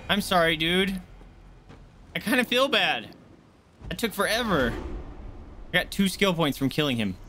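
A male streamer with a slightly high voice gives live play-by-play commentary, jumping in pitch as he yelps and swears through a fight. Game noise runs clearly behind him the whole time. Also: expressive, a little slow, long pauses, pushed and bright. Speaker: gaming streamer.

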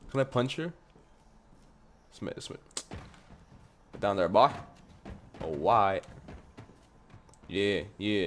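Low-voiced man swearing through a horror game. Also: slow pace, pauses often, a little hiss or hum. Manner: profane, jumpy reactions, talks back to the game. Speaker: gameplay commentator. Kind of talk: horror game let's-play commentary. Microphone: headphones on, desk mic.

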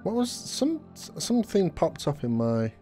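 Easygoing gamer, warm voice. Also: male voice, fairly high pitch, huge pitch swings, moderate pace, faint music behind. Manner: rambling, easygoing, many fillers. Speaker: gaming video host. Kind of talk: casual let's play commentary.

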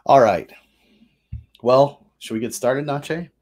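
A man's voice: mid-range voice, slow pace, a little mellow. Chatty man explaining board game rules. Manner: chatty and loose, lots of fillers and self-corrections. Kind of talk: casual rules walkthrough.

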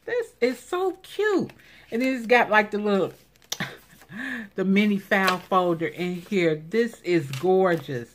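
A woman's voice: mid-range voice, slow pace, background noise. A woman vlogger chatting casually while opening craft mail, gushing and exclaiming over each piece. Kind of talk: casual unboxing chat.

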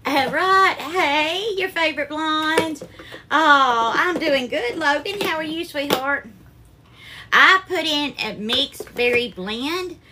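Bright, high-voiced Southern woman cooking live. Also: lively intonation, slow pace, a little hiss or hum. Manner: affectionate, calls viewers darling and honey. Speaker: cooking livestream host. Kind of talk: live cooking stream, greeting viewers. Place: home kitchen.

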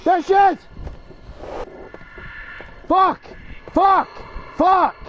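A young man yelling and cursing excitedly while commentating a horror game, on a noisy recording. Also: extremely high pitch, extremely slow. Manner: loud, profane, excitable yelling. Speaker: gaming video host.

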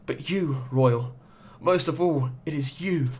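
A man's voice: fairly high pitch, slow pace, a little mellow, a little hiss or hum, pitched below the performer's own voice. A man reading the lines of a stern, regal woman who leads a cult, in a cold, scolding tone. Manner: cold, scolding, self-righteous.

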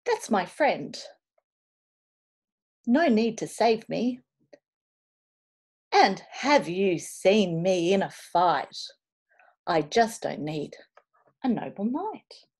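A woman's voice: medium pitch, very animated, extremely slow, pauses often, a little mellow, husky, exaggerated voice. A woman voicing a bold, cheerful young princess in a storybook reading.

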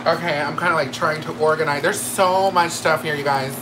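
A woman beauty vlogger chatting through a makeup unboxing, campy and excitable, gasping, squealing and tossing in slangy asides at home. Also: low-pitched, brisk, very noisy. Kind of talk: casual makeup unboxing chat.

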